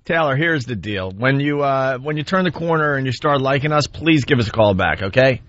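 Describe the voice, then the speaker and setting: A man's voice: medium pitch, expressive, a little fast, a bit bright, dry recording. A man leads the segment with mocking remarks. The sound is dry and muffled, like an old radio broadcast. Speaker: radio show host. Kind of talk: casual radio banter.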